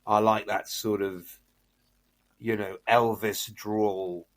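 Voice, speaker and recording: A man's voice: on the low side, takes it slowly. A man co-hosting a film podcast, retelling a plot in casual chat with lots of fillers and restarts. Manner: animated, many fillers and restarts. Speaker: podcast host.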